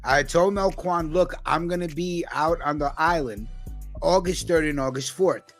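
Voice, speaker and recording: Brief: New York podcast host, high bright voice, faint music underneath. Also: male voice, measured pace. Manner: animated storytelling, loud outbursts and laughs. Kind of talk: casual chat.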